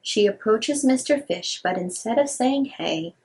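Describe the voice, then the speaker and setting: A woman's voice: a little high, moderate pace, darkish tone, slight background noise. A woman reading picture books aloud to young children in a sing-song, rhyming way, chatting a little between books. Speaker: children's storyteller.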